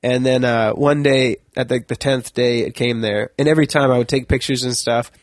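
A man's voice: medium pitch, fairly even intonation, normal speed, dry recording, clean studio sound. A young man chatting casually on a podcast, telling a long rambling story, laughing mid-sentence and swearing now and then.

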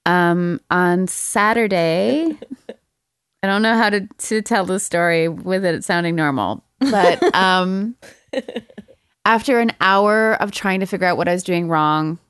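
A young adult woman co-hosting a podcast, telling a story in casual chat, animated and laughing often. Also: fairly low pitch, slow pace, clear, resonant tone, no room sound, studio quality. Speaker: podcast co-host.

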